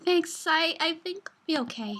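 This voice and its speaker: A woman's voice: very high-pitched, expressive, normal speed, pushed and bright, slight background noise, pitched above the performer's own voice, exaggerated voice. A woman voicing an eager, perky teenage girl sidekick in a fan game dub. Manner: eager, chirpy.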